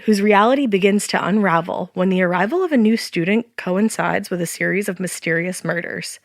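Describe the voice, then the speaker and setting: A woman's voice: fairly low pitch, no room sound, clean studio sound. A woman co-hosting a podcast in casual, bubbly chat and host-read ads. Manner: bubbly, chatty, playful.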